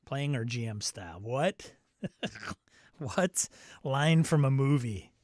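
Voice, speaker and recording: A man's voice: mid-range voice, expressive, takes it slowly, a little mellow, dry recording. Man, Midwestern American accent, host, casual stream chat, joking and rambling, dry close sound.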